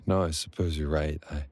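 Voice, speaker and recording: A young man speaking in an intimate audio role-play, breathy and sighing, soft and affectionate toward the listener. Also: rumbling low.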